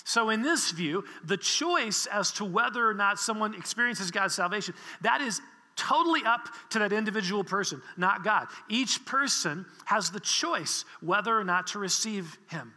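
Male preacher, earnest and explanatory, sharp high voice, big reverberant church. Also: animated, normal speed. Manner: earnest, explanatory teaching with frequent restarts. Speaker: pastor. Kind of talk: sermon.

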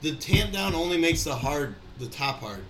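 A man's voice: a little high, big pitch swings, normal speed, a bit bright. A man in casual chat, rambling and profane, talking animatedly with a friend. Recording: echoey room, faint background noise.

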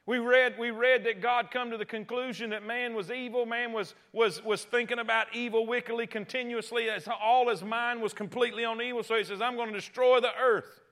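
Man, preacher, high voice, sermon, emphatic, repeats himself, loud then hushed. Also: fairly even intonation, fairly quick, few pauses. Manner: emphatic, swinging between loud cries and hushed tones; repeats phrases and restarts often.

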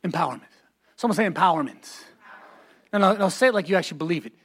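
A male pastor delivering a sermon. His voice sits unusually high and swings widely in pitch. He climbs into shouted passages and calls on the congregation to repeat phrases back to him. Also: animated, quick pace, husky. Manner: preaching, often rising to shouts, calls for congregation responses.

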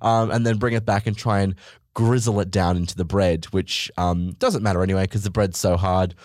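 A man's voice: sits low, steady tone, a little fast, a little mellow, no echo, studio quality. A man hosting a podcast, telling a comedic story in a sweary, mock-outraged way.

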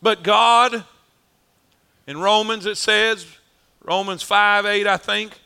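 Sitting high and steady, this preacher's voice is slow, creaky, bright, forceful, clear and resonant. His sermon has a folksy rhythm, with lines repeated for emphasis that climbs and falls.

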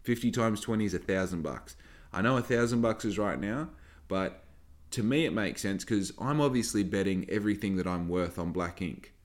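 A man's voice: on the low side, moderate pace. A young man hosting a podcast, talking in a casual, rambling way and swearing freely as he tells a story. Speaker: podcast host and small business owner.

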